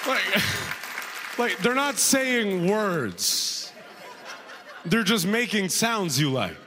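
A man's voice: high voice, extremely slow, crowd noise, background noise. A man performing stand-up comedy, telling a story and checking in with "right?" often. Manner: animated, frequent rhetorical "right?".

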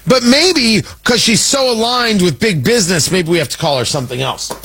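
A man's voice: fairly high pitch, fairly bright tone, husky, rough recording. A man hosting an opinion show, talking in an indignant, combative, mocking way. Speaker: political commentator host. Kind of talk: opinion monologue.

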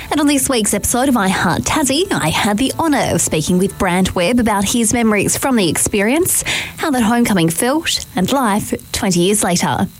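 A woman's voice: medium pitch, a little hiss or hum. Australian woman narrating a radio feature. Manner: measured, clear newsreader delivery. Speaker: radio host.

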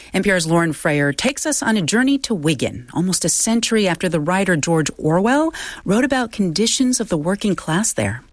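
Lively radio news host. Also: medium pitch, no room sound, studio quality. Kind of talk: scripted news introduction.

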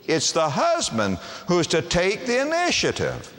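A man's voice: on the high side, wildly swooping pitch, moderate pace, few pauses, fairly bright tone. A man preaching a sermon as pastor, asking the congregation rhetorical questions. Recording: long reverb of a large hall.

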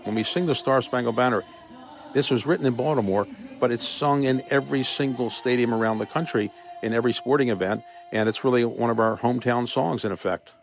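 An older man speaking as a guest in a radio interview, measured and conversational. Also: mid-range voice. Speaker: interview guest, team owner.

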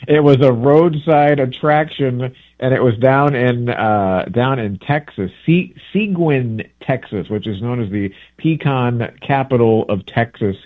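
A man's voice: medium pitch, unhurried, few pauses, dry recording. A male travel book author talking as a guest in a casual radio interview, rambling and correcting himself as he goes. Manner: rambling, chatty, self-correcting. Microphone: phone. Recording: tinny phone line.

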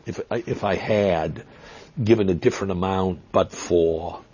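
A man with a Boston accent answering interview questions, halting with fillers and restarts, stressing words with emphasis, heard on dull lo-fi audio. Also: sits low, darkish tone, slightly rough. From Massachusetts. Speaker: interview guest.

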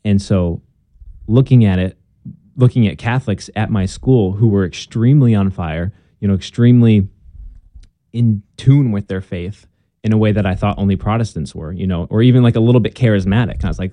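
A young man with a very dark, mellow voice talks casually and earnestly about his own story, now and then acting out old conversations. The sound is dry and close, with no room echo. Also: fairly low pitch, a little fast. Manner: earnest, storytelling, acts out past dialogue. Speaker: guest, Catholic convert.

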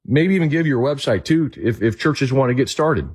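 A man hosting a talk show interview, earnest and animated. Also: medium pitch, normal speed, husky. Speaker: host.

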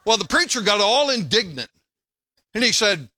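Older male pastor, folksy sermon voice, high and animated, dry close sound. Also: normal speed, dry recording. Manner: folksy, joking preacher who breaks off to tell stories.

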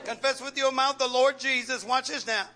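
Male pastor, very high voice, sharp tone, call-and-response sermon with teasing rhetorical questions. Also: steady tone, normal speed, a faint crowd, a little hiss or hum. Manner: preacher's rhetorical questions, coaxing and joking. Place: church sanctuary with congregation.

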